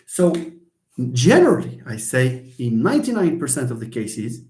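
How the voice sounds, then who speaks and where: A man with a Moroccan accent giving an online class lecture, animated and switching between English, French and Arabic, asking and answering his own questions. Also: mid-range voice, normal speed, echoey room.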